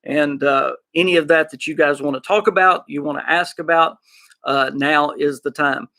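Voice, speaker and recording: A man with an Arkansas Southern accent hosting a gaming podcast, chatting excitedly and rambling as he talks to his live chat. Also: a little high, normal speed, creaky. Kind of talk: casual live-stream chat.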